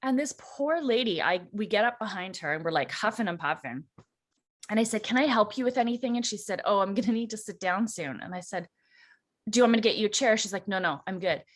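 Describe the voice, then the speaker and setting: Animated woman telling a travel story. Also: mid-range voice, fast talker. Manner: animated, acts out quoted voices, laughs often. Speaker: co-host. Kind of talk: casual storytelling chat. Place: church.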